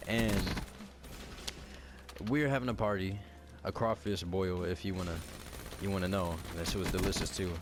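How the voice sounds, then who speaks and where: A man's voice: deep voice, normal speed, pauses often, heavy background noise. A young man vlogging, telling a casual story full of slang and swearing. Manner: animated, heavy swearing and slang. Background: background music.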